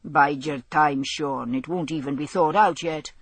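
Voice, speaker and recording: A friendly Highland constable coaxes answers in a calm, soothing tone, as a woman narrator plays him. The voice sits low and husky, with a dry, close sound and a lilt. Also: unhurried, no echo, full character voice.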